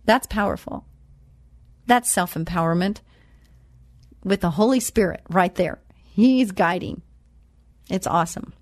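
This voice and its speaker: A woman's voice: fairly low pitch, unhurried, pauses often, dry recording. A woman hosting an inspirational Christian talk show, speaking earnestly with emphatic repetition and chatty asides.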